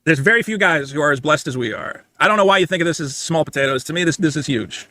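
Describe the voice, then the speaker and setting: A man's voice: on the high side, quick pace, pushed and bright, no room sound. A podcast co-host pleading with his partner, often repeating himself and restarting his sentences. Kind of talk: podcast argument.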